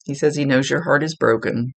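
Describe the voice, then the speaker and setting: A woman's voice: very deep voice, fairly quick, gravelly, husky, no room sound. A woman working as a psychic medium, talking through a casual one-on-one reading in a chatty, rambling way, often restarting her sentences.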